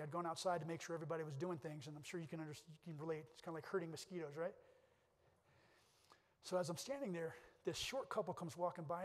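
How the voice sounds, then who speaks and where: A middle-aged man giving a keynote speech at a conference, telling personal stories in an earnest way with many restarts. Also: fairly high pitch. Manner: earnest storytelling with repeated restarts. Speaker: keynote speaker. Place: conference hall. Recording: long hall reverb.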